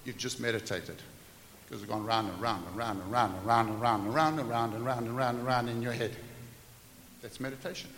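Animated preacher man in an echoey hall. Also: mid-range voice, moderate pace. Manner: animated, acts out everyday scenes, jokes with the congregation. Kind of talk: sermon. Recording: echoey hall with faint hiss.

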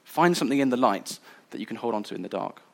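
A man's voice: mid-range voice, expressive, quick pace, gravelly. A man giving a sermon in an earnest, conversational way. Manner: earnest, conversational, some restarts. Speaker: preacher.

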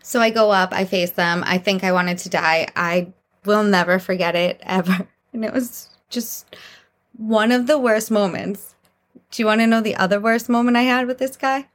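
A young woman hosting a podcast, telling candid dating stories in a casual, animated way and laughing through them. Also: medium pitch, normal speed. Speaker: podcast host. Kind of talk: casual storytelling monologue.

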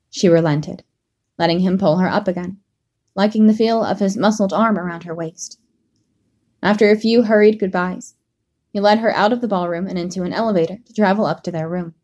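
A woman narrating a fan fiction story in a steady, measured read. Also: mid-range voice, slightly rough. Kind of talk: scripted narration.

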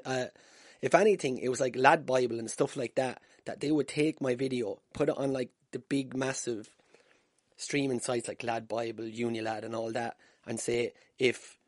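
Husky-voiced Irish podcaster telling stories. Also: male voice, mid-range voice, no echo, studio quality. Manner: swearing, self-deprecating, laughing at himself. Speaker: podcast host. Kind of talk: casual solo podcast storytelling. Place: room at home. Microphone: wired podcast mic.

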